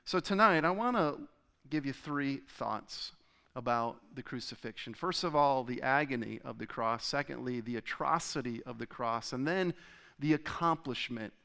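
A man's voice: medium pitch, moderate pace, gravelly. A man preaching a sermon, reading a scripture passage aloud with dramatic swells and drops in his voice. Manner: dramatic reading with sharp rises and drops in loudness. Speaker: pastor.

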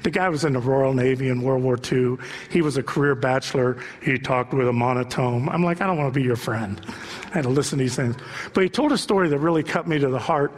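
A man preaching a sermon as a pastor, telling stories with animation and building to impassioned shouts. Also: medium pitch, quick pace, big-room sound.

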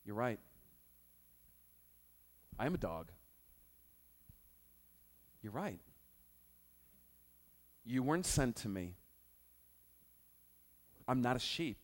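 A male preacher voicing an ancient woman who humbly agrees and pleads, in a lower voice. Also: expressive, slow, big-room sound. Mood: humble.

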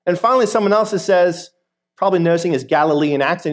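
A fairly high-voiced man preaching a sermon. He reads a passage aloud and then retells it in his own words, taking on the voices of the people in the story. He often turns to the congregation with questions. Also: fast. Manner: retells scripture scenes, acting out the voices of the people in them; conversational, asks the listeners questions. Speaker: guest preacher.

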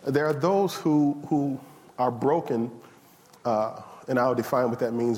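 A pastor preaching a sermon in a conversational style, building from calm to loud, high and fired up. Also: male voice, a little hiss or hum. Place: church sanctuary. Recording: long hall reverb.

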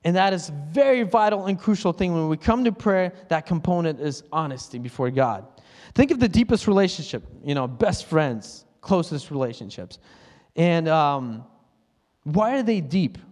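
A man's voice: on the high side, expressive, moderate pace, darkish tone. A middle-aged man preaching a casual, conversational sermon as pastor, chuckling at himself now and then and briefly imitating how other people pray. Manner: conversational, self-laughing, mimics others' prayers. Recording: church hall reverb.

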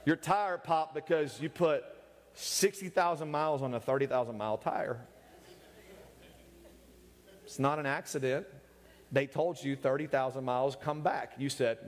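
A man's voice: mid-range voice, steady tone, unhurried, pauses often. A man preaching a humorous sermon, joking and teasing his listeners and laughing often as he goes. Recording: echoey hall with long reverb.

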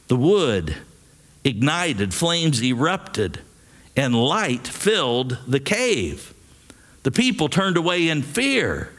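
A man preaching a sermon, reading a story aloud in a slow, dramatic way. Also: medium pitch, fairly bright tone. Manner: slow, dramatic, acts out quoted voices. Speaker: pastor.

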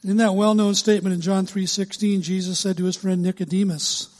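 A man's voice: high-pitched, flat delivery, a little mellow. Man preaching in a reverberant hall. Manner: measured, emphatic preaching with drawn-out words. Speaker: pastor. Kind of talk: sermon.

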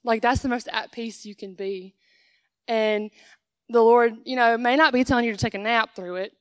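Young woman preaching casually in church, chatty, acts out back and forth with god, smooth clear voice, dry sound. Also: on the high side, fairly even intonation, moderate pace, no echo. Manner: conversational, acts out dialogue with God. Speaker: guest speaker. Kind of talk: sermon. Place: church sanctuary.

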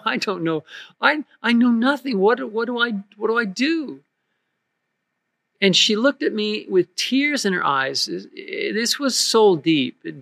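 A middle-aged man preaches with earnest force and keeps doubling back on his words. His voice sits high and bright for a man, and the recording is close and dry, with no room around it. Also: no room sound. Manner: earnest, emphatic preaching with frequent repeated words. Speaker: pastor. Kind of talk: sermon.

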